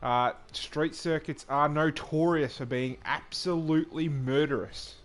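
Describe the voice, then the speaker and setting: A man's voice: a little high, a little slow, soft background music. Australian male co-commentator, dry humour, easygoing, many ums. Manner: relaxed, dry banter, filler-heavy. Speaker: sim racing commentator. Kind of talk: casual live commentary.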